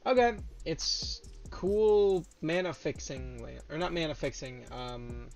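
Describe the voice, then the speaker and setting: A young man with a fairly high-pitched voice reads out trading card text in a casual tone. He breaks into loud, swearing outbursts of excitement between cards. Faint music plays underneath. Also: slow pace, gravelly. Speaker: card game content creator. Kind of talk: casual card spoiler reaction.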